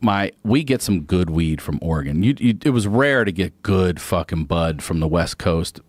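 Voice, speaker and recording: A man in his forties with a lowish voice spins a profane, lively anecdote, jumping into the voices of the people in it. The sound is close and dry, like a studio microphone in a dead room. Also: moderate pace, dry recording. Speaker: podcast guest. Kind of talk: casual storytelling. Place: podcast studio.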